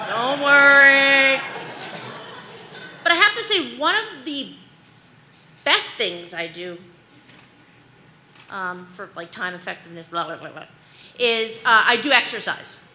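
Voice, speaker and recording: A woman's voice: medium pitch, a little slow, long pauses, a little hiss or hum. A woman in her forties doing stand-up, telling rambling, self-deprecating stories packed with "like" and "um.". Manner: rambling, animated, heavy use of fillers like "like" and "um"; self-deprecating, anxious humor. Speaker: stand-up comedian. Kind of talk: stand-up storytelling.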